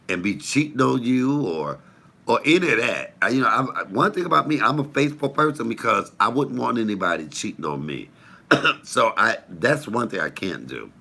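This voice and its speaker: Animated laughing man with gravelly voice. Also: lowish voice. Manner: animated, laughing, rambling anecdotes. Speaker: live stream host. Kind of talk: casual storytelling on a live stream. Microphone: phone.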